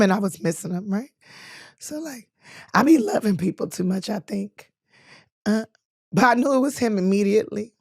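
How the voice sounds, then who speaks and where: A woman tells stories with a lot of life, laughing often and jumping into the voices of the people she describes. Her voice sits in a middle pitch and sounds close and dry, with no room around it. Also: a little mellow, no echo. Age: 20s. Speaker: guest. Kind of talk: casual storytelling.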